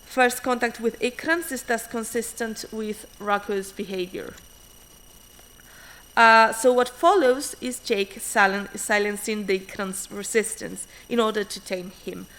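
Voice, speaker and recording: A woman's voice: a little high, steady tone, fairly bright tone, rough recording. A woman reading out an academic conference paper, hurrying and often restarting words with fillers. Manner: hurried, frequent restarts and fillers.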